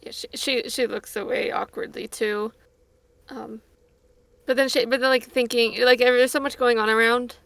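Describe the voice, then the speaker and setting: A woman's voice: fairly high pitch, fairly even intonation, normal speed, creaky, fairly bright tone, no echo. A woman playing in a tabletop game, rambling through her character's actions with many "like"s. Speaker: player. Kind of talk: casual tabletop play.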